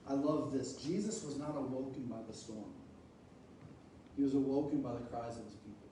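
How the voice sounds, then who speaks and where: A man preaching a sermon who swings from soft, low talk to loud, pleading passages and acts out casual, playful asides. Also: normal speed. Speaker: pastor. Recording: echoey room, mic at a distance.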